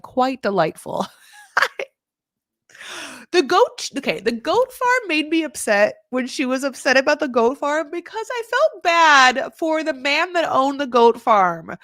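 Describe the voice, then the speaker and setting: A woman casually recapping a reality show, chatty and animated, full of "like" and laughs. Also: sits high, dry recording, studio quality. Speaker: recap podcast host.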